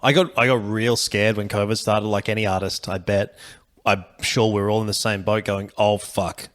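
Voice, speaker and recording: A man talks in a loose, rambling way, dropping swear words and breaking into laughs. His voice sits fairly low. This is casual podcast chat with a comedian guest. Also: flat delivery, normal speed, a bit bright.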